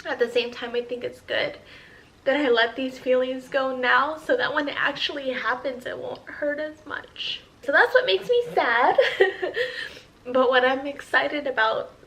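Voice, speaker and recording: A woman's voice: sits high, steady tone, normal speed, a bit bright, rough recording. A pregnant woman in her thirties, a mom vlogger chatting candidly with her viewers in a casual Q&A update.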